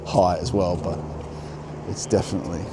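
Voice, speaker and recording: In this walking-tour vlog, a man muses offhandedly while exploring a church garden by the harbour outdoors. He speaks in a low, steady tone at normal speed, amid outdoor ambience and the noise of passing traffic.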